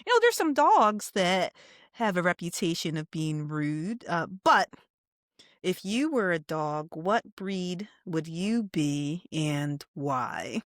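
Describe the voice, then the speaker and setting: A woman who teaches, co-hosting a podcast in casual chat, easygoing and quick to laugh. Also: fairly low pitch, sing-song, dry recording, clean studio sound.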